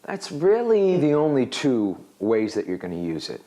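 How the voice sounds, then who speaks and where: Animated man teaching English. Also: mid-range voice, moderate pace, noisy background. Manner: animated, acts out example dialogues. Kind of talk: video lesson explaining a phrase.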